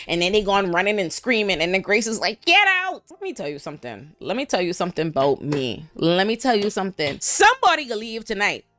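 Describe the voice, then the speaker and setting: A woman giving a casual, animated TV episode recap, full of profanity and voiced quotes. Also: fairly low pitch. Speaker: recap vlogger.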